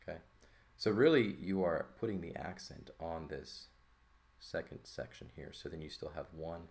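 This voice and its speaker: A man with a very low, gravelly voice explains a language lesson at an easy pace. He thinks out loud and keeps checking in with the listener. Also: normal speed. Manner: relaxed, thinking aloud with frequent "right?" checks. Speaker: Greek teacher. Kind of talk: casual lesson walkthrough.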